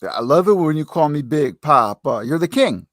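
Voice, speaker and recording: Man, energetic podcast co-host, teasing banter, fairly high voice, dry close sound. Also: moderate pace, no echo. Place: home city in the East.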